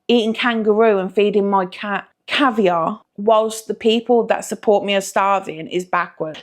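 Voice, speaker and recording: A young woman hosting reaction commentary, joking, swearing and laughing often in a casual way. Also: medium pitch. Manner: profane, jokey, laughing often. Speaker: commentary host.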